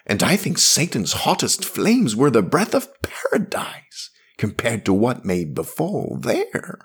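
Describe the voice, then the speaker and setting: A man's voice: mid-range voice, wildly swooping pitch, measured pace, husky, voice pushed up, heavily acted. A man reading aloud, voicing a loyal male priest who pleads in strained, rising cries for his lady. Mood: pleading. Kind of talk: dramatic audiobook reading.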